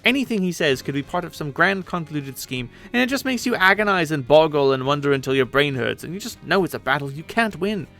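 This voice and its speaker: A man's voice: fairly high pitch, expressive, quick pace, creaky, hardly any pauses, pushed and bright, faint music behind, full character voice. A man voicing a clueless young male adventurer who rambles in a folksy, self-absorbed way, in a webcomic read aloud with voices. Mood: rambling.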